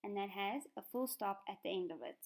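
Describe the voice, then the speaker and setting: A woman teaching a remote lesson to young children in a patient, clear instructional tone. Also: medium pitch, fairly quick, darkish tone, a little hiss or hum. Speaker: primary school teacher.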